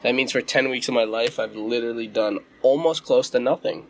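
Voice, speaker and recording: A man's voice: mid-range voice, a little fast. Young man hosting with constant laughs. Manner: laughs often, animated and joking. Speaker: podcast co-host. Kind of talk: casual chat, hosting a meme segment.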